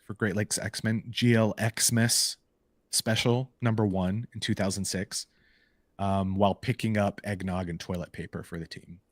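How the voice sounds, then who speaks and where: A man co-hosting a podcast, casually retelling comic book stories in an animated way with lots of "like" and "um". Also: fairly low pitch, measured pace, no echo. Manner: animated storytelling full of "like" and "um" fillers. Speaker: podcast co-host. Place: live podcast recording.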